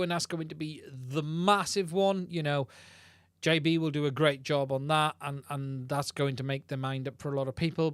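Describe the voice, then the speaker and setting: A man hosts a casual livestream, talking in a chatty, self-deprecating way and often repeating himself. His voice sits a little high and sounds dry and close, recorded on a studio mic through a podcast mixer. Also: a bit bright, clean tone, no echo. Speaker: livestream host.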